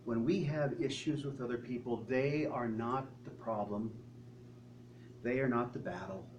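A man's voice: medium pitch, measured pace, darkish tone, muffled recording. A male pastor preaching a sermon in an earnest manner, asking the congregation many rhetorical questions. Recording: distant mic with faint hum.

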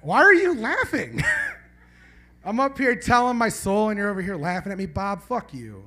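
A man in the middle of a loose stand-up set at a small club, talking high and swooping all over his range. He wanders off his jokes, swears freely and keeps teasing people in the audience. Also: big pitch swings, moderate pace, sharp tone. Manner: rambling, profane, bantering with the audience. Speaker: stand-up comedian. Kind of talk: live stand-up set with crowd banter. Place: small live comedy venue.

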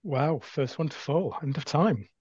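Higher-voiced male host, lo-fi line. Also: darkish tone, husky, no echo. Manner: brisk, steering the discussion. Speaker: podcast host. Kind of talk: casual chat. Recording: dull, dry lo-fi sound.

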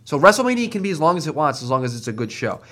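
A man's voice: on the high side, sing-song, racing, bright, forceful tone, a little hiss or hum. A man co-hosting a podcast in casual chat, emphatic and insistent as he builds his points step by step. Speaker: podcast co-host.

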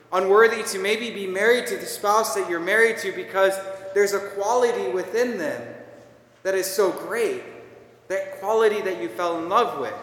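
A priest with a Minnesotan accent preaches a homily in a high voice, earnest and conversational with a touch of self-deprecation. His words carry through a roomy church and ring on in a long reverb. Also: fairly bright tone.

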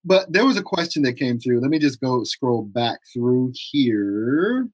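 A man hosts a relaxed live-stream interview and laughs easily. His pitch moves in a lively way, up and down. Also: measured pace, breathy edge. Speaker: show host.

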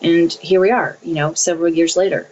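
A woman's voice: on the low side, fairly even intonation, fairly quick, darkish tone, highs cut off, a little hiss or hum. A woman in her thirties answering interview questions earnestly, repeating phrases as she speaks about faith and family. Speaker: interview guest.

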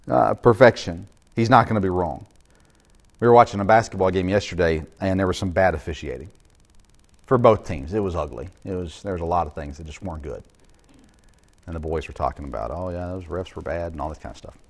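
A middle-aged man, a pastor, preaching a sermon in a conversational way, with frequent fillers and restarts. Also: deep voice.

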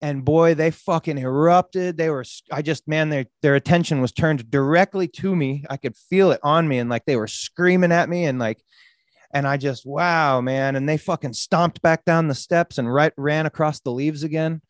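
A podcast host telling a story in casual conversation, animated and swearing freely, often saying "dude". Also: male voice, fairly high pitch, normal speed, no room sound.

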